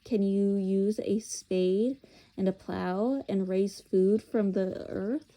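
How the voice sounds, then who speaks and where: A woman voicing a wise, noble lion who speaks gravely and formally. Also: mid-range voice, steady tone, takes it slowly, mellow. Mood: solemn. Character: wise noble lion king, solemn and kind.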